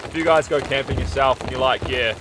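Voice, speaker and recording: A man's voice: mid-range voice, fairly quick. Chatty man camping in heavy rain. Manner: chatty and upbeat, talks while eating. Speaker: outdoor vlogger. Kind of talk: casual camping vlog. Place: outdoors at a campsite under a shelter in rain. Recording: heavy rain noise outdoors. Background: steady rain and fire crackle.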